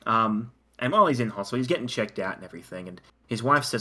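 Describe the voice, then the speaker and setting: A man telling an improvised comic story as a podcast co-host, narrating scene by scene. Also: quick pace. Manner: animated, narrating a silly pitch.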